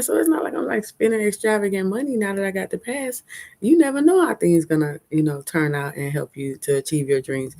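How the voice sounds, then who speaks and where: A chatty woman talks candidly to her live-stream viewers. Her voice sits low for a woman, and she laughs often as she goes. She is recorded outdoors on a phone held at arm's length. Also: warm tone. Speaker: vlogger hosting a live stream. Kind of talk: casual live-stream chat. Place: outdoors at a fair.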